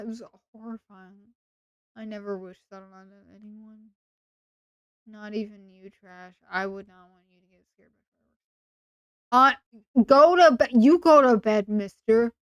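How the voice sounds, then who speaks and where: A woman's voice: fairly high pitch, expressive, moderate pace, clear, resonant tone, no echo. A woman streamer chatting casually late at night, sleepy, rambling and playfully teasing her chat.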